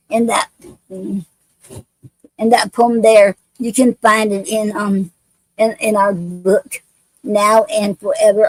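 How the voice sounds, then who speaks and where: Woman host of an online poetry show, unhurried and halting, reads gently, dry untreated sound. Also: medium pitch, dry recording, poor audio. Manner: halting, many fillers and restarts. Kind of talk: reading poems aloud and chatting.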